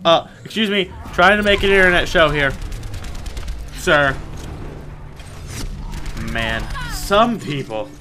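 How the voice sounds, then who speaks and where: A man's voice: fairly high pitch, animated, takes it slowly, pauses often, bright, forceful tone, soft background music. A young man alone at his desk mic, casually commentating his gameplay with brash, profane, sarcastic trash talk. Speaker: gaming video creator. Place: alone at home. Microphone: desk microphone and webcam.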